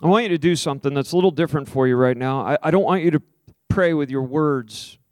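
A man, a minister, preaching a sermon, telling a personal story with lively acted-out quotes and then softly leading a slow, prayerful invitation. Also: on the high side, no room sound, clean studio sound. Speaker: pastor.

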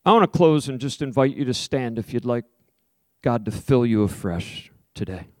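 A male pastor preaching a sermon, with a voice of middling pitch. He tells a story with acted-out quotes, then slows into a soft, prayerful invitation. The sound is dry and close. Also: expressive, no room sound.

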